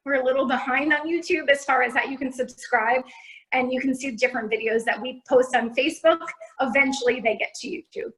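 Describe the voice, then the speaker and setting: Upbeat fitness coach, woman, bright high register, video-call sound. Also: fairly even intonation, fairly quick, poor audio. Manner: upbeat, encouraging instructor. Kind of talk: virtual class Q&A.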